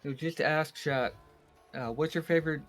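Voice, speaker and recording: A man casually chatting while playing a game with friends, relaxed and easygoing. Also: fairly high pitch, normal speed, over music. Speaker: co-player. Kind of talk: casual gaming chat.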